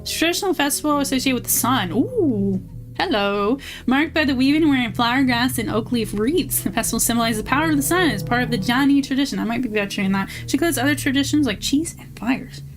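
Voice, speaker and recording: A woman's voice: sits high, expressive, fast talker. A young woman streaming, chatting casually, swearing freely and reading chat aloud. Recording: faint music behind.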